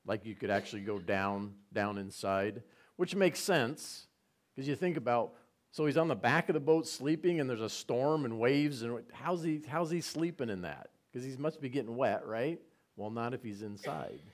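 A man's voice: medium pitch, expressive, moderate pace. A man preaching a conversational sermon, retelling scenes with repetition and side remarks. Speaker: pastor.

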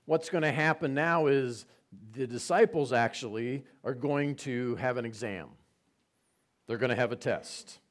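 A man's voice: medium pitch, a little slow. A man preaching a conversational sermon, retelling scenes with repetition and side remarks. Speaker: pastor.

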